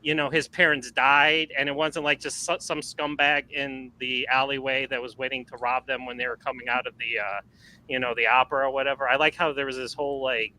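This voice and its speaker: A man chatting casually about movies as a podcast guest, rambling and animated, with lots of fillers and restarts. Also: mid-range voice, fairly quick, poor audio.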